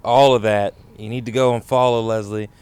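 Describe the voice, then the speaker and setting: A man hosting a casual interview, relaxed and easygoing, often repeating his words. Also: lowish voice, brisk, clean tone, dry recording. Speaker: host.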